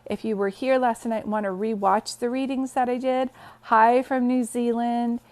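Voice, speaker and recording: A woman's voice: fairly high pitch, flat delivery, normal speed, darkish tone. A woman hosting a casual phone livestream from her bed, greeting viewers and telling stories in a chatty way. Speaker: psychic medium livestream host. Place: bedroom, sitting on bed.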